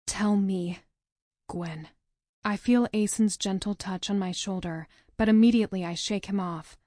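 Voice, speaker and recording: A woman narrating a novel in the first person, with a measured, dramatic reading. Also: medium pitch, dark tone, dry recording, studio quality. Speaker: audiobook narrator.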